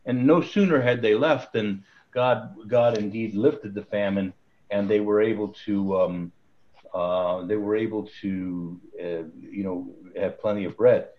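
A man's voice: on the low side, steady tone, unhurried. A man leading a casual Bible study over a video call, rambling with restarts and chuckling at his own jokes. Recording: slightly dull video call audio.

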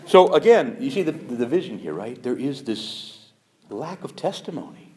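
Lively, animated male priest preaching. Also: mid-range voice. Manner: animated and emphatic, with quoted asides. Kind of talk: sermon.

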